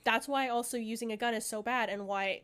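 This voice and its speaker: A young woman rambles through a casual podcast chat, full of fillers and quick laughs. Her voice sits a little high. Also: fairly even intonation, a bit bright, clean tone. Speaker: podcast co-host.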